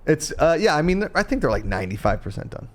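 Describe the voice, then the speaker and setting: A man's voice: fairly high pitch, big pitch swings, fast talker. A man hosting a live player interview, chatting easily and laughing often. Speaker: interview host. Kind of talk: casual live-stream chat.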